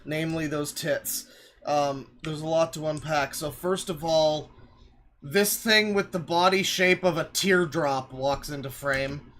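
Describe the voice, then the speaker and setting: A man's voice: on the high side, fairly even intonation, a little slow, a bit bright, a little hiss or hum. A man streaming live, reacting to videos with wry, crude, rambling asides.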